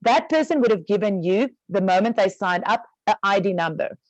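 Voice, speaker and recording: A woman's voice: mid-range voice, animated, fairly quick, no echo, dull audio. A woman explaining business terms step by step on an online training call, casual with many fillers. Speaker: network marketing trainer.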